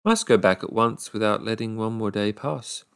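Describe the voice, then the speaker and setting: A man's voice: lowish voice, moderate pace, vocal fry, clean tone. A man voicing a dutiful, homesick young fisherman in a storybook reading, speaking earnestly and politely. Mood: anxious.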